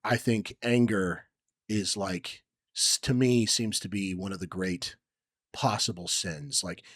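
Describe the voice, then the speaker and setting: A young man with a lowish voice tells a story on a podcast, rambling and full of ums. He jumps into loud quoted lines now and then. The sound is dry and close. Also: slow, no room sound. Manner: rambling, many ums, acts out quotes loudly. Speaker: podcast co-host. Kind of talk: casual chat, personal story.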